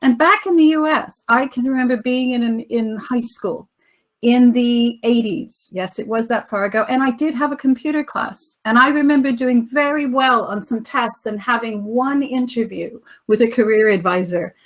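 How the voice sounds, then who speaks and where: A woman's voice: on the high side, normal speed. Chatty American woman with British-tinged accent. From United States. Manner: chatty storytelling, self-deprecating asides. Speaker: panel speaker. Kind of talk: conference talk, personal anecdote.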